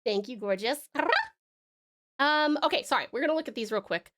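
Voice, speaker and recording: A woman's voice: a little high, lively intonation, brisk, fairly bright tone. A woman streamer from Tasmania, chatting bubbly and giggly with her viewers while drawing. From Tasmania, Australia. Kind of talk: casual livestream chat while drawing.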